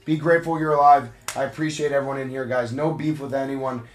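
A young man hosting a live card break stream, shouting excitedly at big pulls. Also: mid-range voice, fast talker, echoey room, faint music behind.

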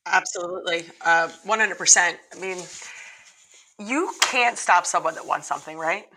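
A woman's voice: on the low side, moderate pace, background noise. A middle-aged woman, a lacrosse coach, telling her story earnestly in a podcast interview, with frequent restarts.

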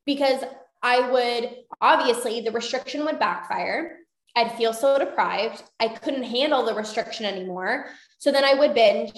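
Young woman coach talking straight to her listeners, earnest, repeats herself for emphasis, slightly high voice. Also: normal speed, roomy sound. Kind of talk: motivational talk to listeners.

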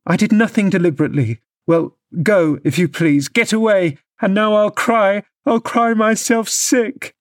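A man reading an audiobook, voicing a fiery, spoiled young woman with shrill, imperious outbursts. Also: a little slow, few pauses, dry recording, studio quality. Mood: tearful.

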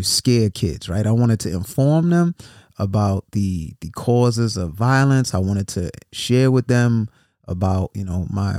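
A man's voice: on the low side, gravelly, a little mellow, dry recording, clean studio sound. A man who hosts a podcast and works as a motivational speaker. He talks casually and keeps repeating words and asking "right?". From New York City. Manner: conversational, repeats words, asks "right?" often. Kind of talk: casual solo podcast talk.

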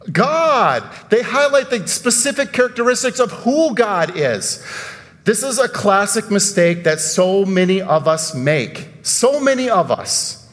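A man with a high-pitched voice preaches to his congregation. He talks animatedly, with emphatic outbursts and rhetorical questions. His voice rings out with a long reverb, as in a large hall. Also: a bit bright. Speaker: pastor. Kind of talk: sermon.

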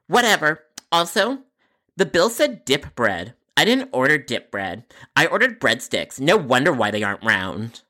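A woman's voice: a bass voice, very animated, moderate pace, sharp tone, full character voice. A woman playing an indignant whiny customer. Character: angry entitled woman customer on phone.

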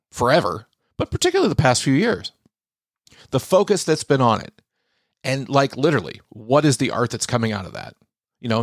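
A man's voice: dry recording, studio quality. An American man delivering a profane, sardonic monologue rant, his voice jumping wildly up and down. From United States. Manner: profane, sardonic, animated rant with big pitch swings. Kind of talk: ranting monologue.

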